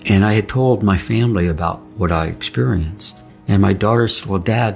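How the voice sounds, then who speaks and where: Gravelly-voiced older man telling his story. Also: deep voice, fairly quick, few pauses, faint music behind. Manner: earnest, retells dialogue in detail. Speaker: near-death experience witness; military veteran. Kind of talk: personal storytelling.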